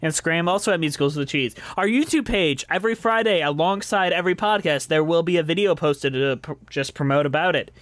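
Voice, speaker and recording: A young man co-hosting a casual podcast, playful and quick to laugh, also reading sponsor spots. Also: on the high side, fairly bright tone, no room sound. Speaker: podcast co-host.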